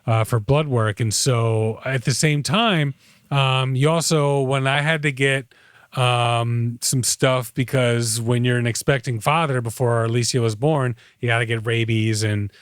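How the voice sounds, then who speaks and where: A man's voice: mid-range voice, steady tone, measured pace, clear, resonant tone, dry recording, studio quality. A man in his thirties co-hosting a podcast in casual chat, telling rambling stories with lots of fillers. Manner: rambling storyteller, frequent fillers. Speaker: podcast co-host.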